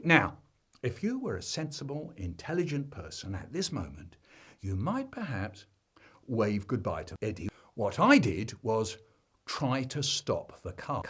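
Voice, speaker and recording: A man telling a comic family story in an animated storytelling manner, his delivery chopped up by remix edits. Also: husky. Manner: animated storytelling with big swings in pitch and volume.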